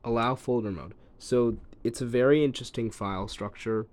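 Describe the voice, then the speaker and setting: A man's voice: mid-range voice, normal speed, a little mellow. A man casually demonstrating an old gadget, thinking aloud with ums and trailing asides, recorded on a phone. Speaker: tech reviewer demonstrating a device. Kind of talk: casual hands-on demo.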